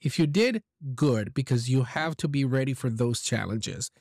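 A man's voice: mid-range voice, animated, gravelly, darkish tone, no room sound. Encouraging male English teacher, dry mic. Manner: encouraging, explains pronunciation slowly with examples. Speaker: English teacher and podcast host. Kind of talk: friendly feedback on a listener's voice message.

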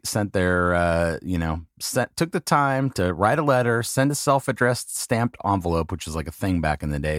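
A middle-aged man hosting a podcast on his own, talking in a halting, self-deprecating way and reading out names slowly one by one. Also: low voice, no room sound, clean studio sound. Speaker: podcast host. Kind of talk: casual solo monologue.

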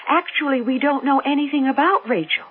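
A woman's voice: high voice, fairly quick, soft background music, lightly acted. An actress playing a worried older mother in a 1970s radio drama, on a tinny old broadcast recording. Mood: concerned.

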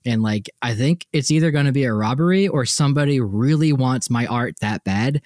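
Man, podcast co-host, casual banter, joking, rambling, mid-pitched voice, dry close sound. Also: fairly quick, darkish tone, no room sound. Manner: joking, rambling, laughs often.

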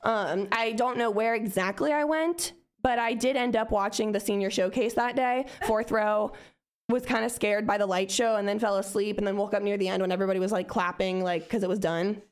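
A woman's voice: mid-range voice, steady tone, a little fast, smooth. A young woman telling a rambling, profane anecdote in a casual way, full of "like" and "um". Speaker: storyteller.

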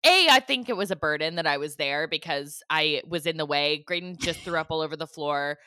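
Podcast co-host, woman, bright tone, dry close sound, animated storyteller. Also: deep voice, fairly quick, clean tone, no room sound. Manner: animated storyteller, laughs often. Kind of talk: casual chat.

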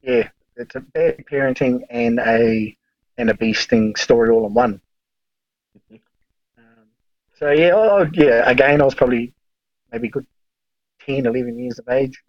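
A man's voice: mid-range voice, measured pace, long pauses, dry recording, lo-fi sound. A man, a podcast guest telling long, rambling stories in casual chat, swearing freely and full of fillers.

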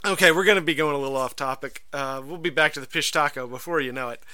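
A man co-hosting a podcast in casual chat, telling stories in an animated, rambling way. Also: on the high side, fast talker, clean tone. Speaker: podcast co-host.

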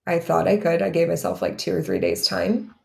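Low gravelly-voiced woman telling her story. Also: sing-song, brisk. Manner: candid, run-on telling with many "like"s. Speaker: podcast co-host. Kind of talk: personal storytelling on a podcast.

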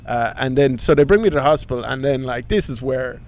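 A man's voice: mid-range voice, fairly quick, a little mellow. A man, co-hosting a podcast and telling a rambling anecdote in casual chat. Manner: rambling anecdote with laughs and acted-out quotes. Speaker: podcast co-host.

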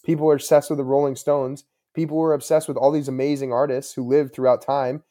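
A young man co-hosting a casual podcast, calmly pushing back and arguing his point. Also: medium pitch, fast talker. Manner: pushes back, argues calmly. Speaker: podcast co-host.

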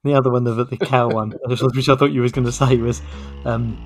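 A man's voice: medium pitch, fairly even intonation, fairly quick, faint music behind. Tired, joking man, co-host. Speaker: podcast co-host. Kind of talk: casual chat.

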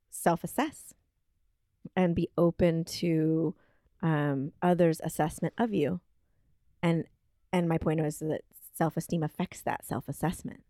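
A woman's voice: deep voice, dark tone, no room sound, clean studio sound. A woman co-hosting a podcast, talking casually and thinking aloud with many fillers. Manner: thoughtful, rambling with many fillers. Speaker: podcast co-host. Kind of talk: casual conversational chat. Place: kitchen table.

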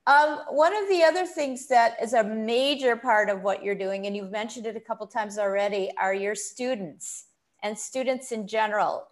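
A woman's voice: a little high, moderate pace. A woman interviewing a guest over a call, encouraging and affirming as she listens. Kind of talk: casual interview.

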